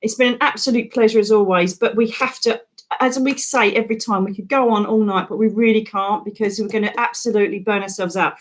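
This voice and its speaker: A woman's voice: mid-range voice, fairly even intonation, fast talker. A woman psychic medium, hosting live readings in an emotional, affectionate way. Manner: emotional, affectionate, says darling.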